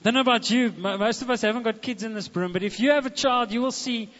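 Male pastor, fairly high voice, sermon, long hall echo, dull muffled sound. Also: fast talker. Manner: animated preaching with asides to the congregation. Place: church hall.

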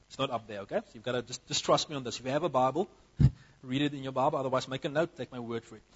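A man's voice: medium pitch, very fast, slightly rough, dull audio. A man preaching a sermon, talking to the congregation directly with energy and in a conversational way.

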